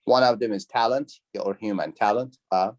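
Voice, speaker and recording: A man's voice: fairly low pitch, normal speed, a little mellow. A man teaching an online university class. He repeats key words, asks the students questions, and speaks with non-native phrasing. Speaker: university lecturer. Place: video call.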